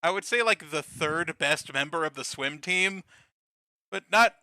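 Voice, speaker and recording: A man's voice: on the high side, lively intonation, a little slow, pushed and bright, no room sound. A man co-hosting a podcast, recapping a TV episode in casual chat. He swears constantly and laughs often. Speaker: podcast co-host and author.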